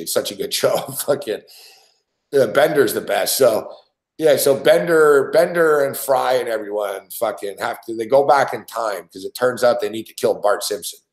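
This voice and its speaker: A man's voice: mid-range voice, echoey room. A man co-hosting a sports betting show, telling stories in casual chat, swearing a lot and laughing as he goes. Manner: profane, laughing storyteller.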